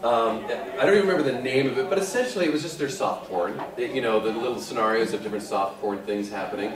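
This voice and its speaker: A man's voice: mid-range voice, quick pace. A middle-aged man tells a rambling, chuckling anecdote to a convention crowd. His voice is caught from a distance in an echoing hall, with the audience audible behind him. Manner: chuckling, rambling storyteller with frequent restarts. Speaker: guest voice actor on a convention panel. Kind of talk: casual anecdote told to an audience. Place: convention panel room. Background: audience murmur and laughter.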